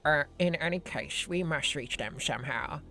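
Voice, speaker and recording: A man voicing an earnest young adventurer in a steady game dub. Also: fairly high pitch, normal speed, soft background music.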